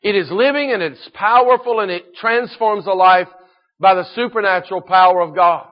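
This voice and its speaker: A man preaching a sermon in an earnest manner, slowing down to stress key points and often clearing his throat. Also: sits high. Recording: dull lo-fi recording.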